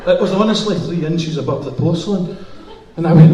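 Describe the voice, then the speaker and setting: A man's voice: fairly high pitch, brisk, few pauses, warm tone, a little hiss or hum. A middle-aged man with a Glaswegian Scottish accent, doing stand-up comedy with bawdy, swearing stories in a music hall. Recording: roomy hall from far off.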